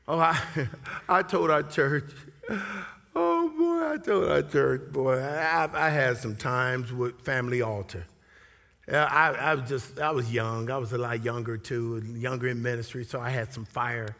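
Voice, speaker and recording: A middle-aged male pastor preaching a sermon, swinging from quiet asides to loud high bursts. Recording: long hall reverb.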